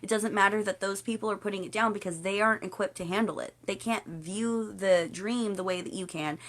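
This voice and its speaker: A woman's voice: mid-range voice, a little fast. A woman hosting a casual spiritual livestream, chatty and playful, greeting viewers and slipping into silly voices when she quotes people.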